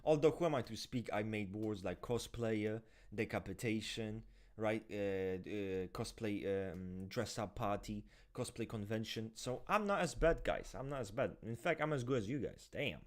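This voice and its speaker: A man hosting a casual typology show, talking to viewers in a profane, animated, ranting way and acting out the people he quotes in exaggerated voices. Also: on the low side, normal speed. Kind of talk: casual unscripted chat with viewers.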